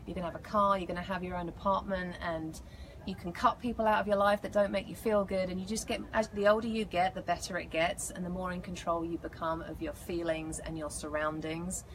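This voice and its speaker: An English woman chatting as an actress guest, playful and self-mocking as she answers fan questions. Her voice sits on the low side for a woman. A steady noise runs underneath the recording. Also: a little fast. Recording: noisy background.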